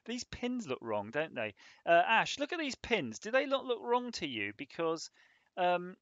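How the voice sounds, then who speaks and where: A man's voice: fairly high pitch, fairly bright tone, dry recording, dull audio. A man on a casual live stream, rambling and joking while he thinks aloud about a hardware design.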